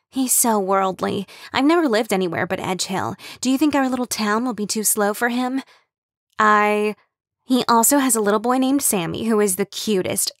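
A woman voicing an excitable, breathless young woman who gushes in a rushed, high voice. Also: dry recording, studio quality, lightly acted.

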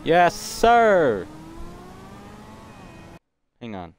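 A man's voice: on the high side, huge pitch swings, drawn-out words, a little hiss or hum. A young man casually live-streaming a game, joking with chat and bantering playfully with in-game characters.

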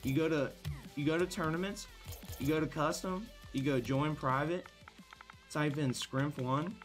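Speaking a little slowly in a slightly high voice, with faint music behind, a young man runs viewer tournaments on his live gaming stream. He's upbeat and hyped with chat, naming viewers as he greets them, repeating himself and often apologizing.

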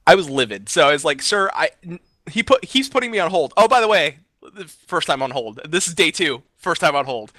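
A man on a gaming podcast, telling his story in an animated, exasperated rant with laughs scattered through. His voice sits a bit high and swings widely in pitch, with a bright, sharp edge. The sound is close and dry, with no room around it. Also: fairly quick, no room sound. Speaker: podcast co-host.

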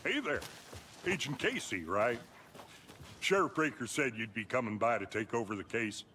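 A man's voice: mid-range voice, lively intonation, moderate pace, sharp tone, a little hiss or hum. An actor playing a nervous small-town male deputy in a game, awkward and stammering.

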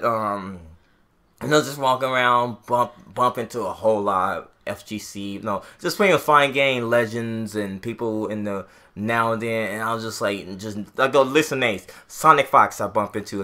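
Man, podcast co-host, bright tense voice, rambling animated storyteller, casual chat. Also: on the low side, normal speed. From Illinois, USA.

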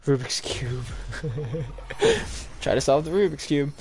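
A young man giving casual, rambling live reactions to video game items, excitable and full of ums. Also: a little high, slow pace, slight background noise. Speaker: gaming YouTuber.

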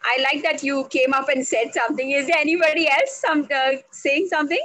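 Lady teaching pronunciation on a video call, high voice, takes it slow. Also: fairly even intonation, a bit bright, low-quality recording. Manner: slow, deliberate, spells out words. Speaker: English language trainer. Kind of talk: online speaking workshop.

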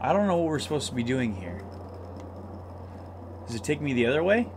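A man playing a horror puzzle game as a let's-play, easily startled, yelling when scared and talking himself through the tense parts. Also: mid-range voice, a little fast, background noise. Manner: excitable, shouts in fright, talks himself through scares. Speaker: gamer.

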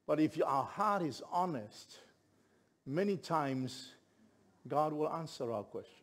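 A middle-aged man, a pastor telling a story in a sermon with lively, building delivery. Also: fairly high pitch, slow. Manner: animated storyteller, rising to shouts at climaxes.

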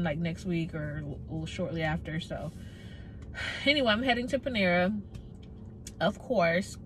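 A woman's voice: fairly low pitch, a little hiss or hum, low-quality recording. A young pregnant woman, chatting casually to her vlog camera, rambling and out of breath. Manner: chatty, rambling, laughs often. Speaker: vlogger.

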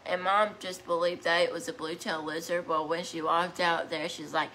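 A woman's voice: fairly low pitch, flat delivery, moderate pace, heavy background noise. A woman, chatting eagerly on a live stream and jumping in over others. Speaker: host. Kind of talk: casual chat on a live stream.

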